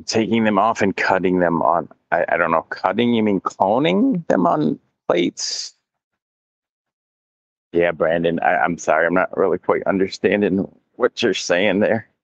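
A man's voice: low voice, expressive, a little slow, gravelly, no echo, highs cut off. A man hosting a casual walking livestream outdoors, rambling and profane with frequent chuckles, recorded on a handheld phone. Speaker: mycology channel host. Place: outdoors in botanical gardens.

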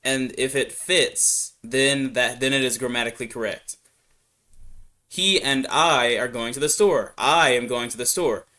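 A man's voice: medium pitch, unhurried, bright, forceful tone. A man hosting a reaction video, chatting and joking while he explains things at length. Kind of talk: casual reaction commentary.

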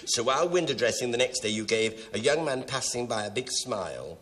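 A man's voice: medium pitch, expressive, brisk, fairly bright tone. A middle-aged man hosting a TV game show, chatting with contestants in camp, teasing banter full of asides and giggles. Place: TV studio with live audience. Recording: broadcast TV studio with audience noise.

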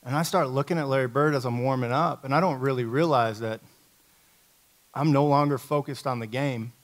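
A man's voice: mid-range voice, steady tone, brisk. Man, middle-aged, from Indiana, coach, church talk, conversational storytelling, self-mocking, mid-range voice. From Indiana, USA.

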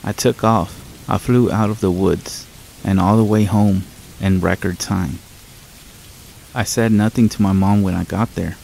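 A man calmly narrating a scripted horror story in a measured storytelling manner, with rain sounds behind him. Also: lowish voice, gravelly, slight background noise, rough recording.

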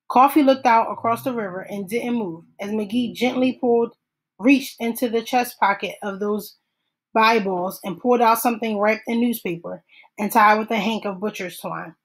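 Woman narrator, measured steady audiobook reading. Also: fairly high pitch, breathy edge, rough recording. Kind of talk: audiobook read-aloud.

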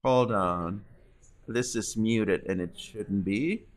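A man's voice: fairly low pitch, slow pace. Chatty man hosting a news livestream. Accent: Mexican. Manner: chatty, prone to laughing fits. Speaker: host. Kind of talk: casual livestream chat.

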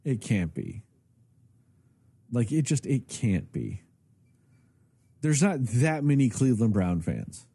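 A male podcast co-host rants in a casual, profane way, his pitch swinging widely. His voice is dark and a little husky. The sound is dry and close. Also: slow pace, pauses often, dry recording. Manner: profane, ranting, animated. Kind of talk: casual chat.

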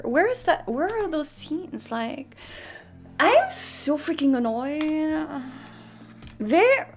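A woman hosting a reaction video, talking straight to her viewers in a casual, animated and exasperated way. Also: high-pitched.

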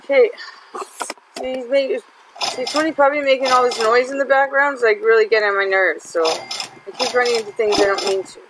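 A woman's voice: on the high side, fairly even intonation, brisk, background noise. A woman hosting a gaming channel, chatting and teasing through her commentary as she plays. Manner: chatty and teasing, laughs often. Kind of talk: let's-play commentary.

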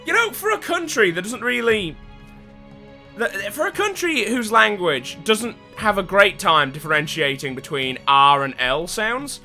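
Young British man, lets-play commentary, sweary rambling asides, bright edge, faint music behind. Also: sits high, very animated, normal speed. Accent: British English. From England. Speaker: gaming YouTuber.

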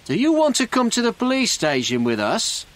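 Man doing a brisk high constable. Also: huge pitch swings, fairly bright tone, full character voice.

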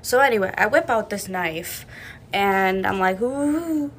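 A woman's voice: mid-range voice, measured pace, a bit bright, a little hiss or hum. A young woman telling a personal story in a blunt, matter-of-fact way, as a casual storytime to camera.

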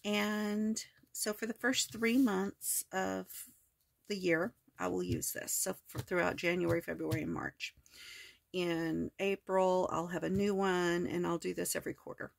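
A woman host walking through her collage journal in a casual, rambling way, hoarse with her voice cracking, full of ums and self-corrections. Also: on the low side, level tone, unhurried, no room sound. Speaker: crafting video host. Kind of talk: casual crafting walkthrough.

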